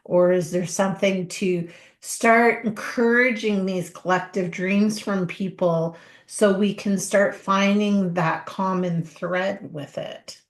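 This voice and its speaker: A woman's voice: medium pitch, fairly even intonation, takes it slowly. A woman hosting a podcast, agreeing with her guest and asking a question while searching for her words. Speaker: podcast host. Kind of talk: interview questions. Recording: roomy echo.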